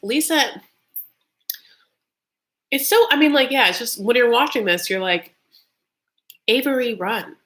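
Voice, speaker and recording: A woman's voice: a little high, animated, measured pace, long pauses, a bit bright. A woman hosting a live reaction stream, chatting casually and sassily with lots of filler words. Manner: chatty and sassy, full of "like" and "honey". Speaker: live reaction show host. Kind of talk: casual commentary.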